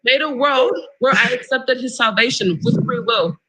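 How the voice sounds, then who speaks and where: High, bright-voiced man arguing. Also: slight background noise, rough recording. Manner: combative, interrupting, fast rebuttals. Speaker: livestream host. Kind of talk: argumentative live-stream debate.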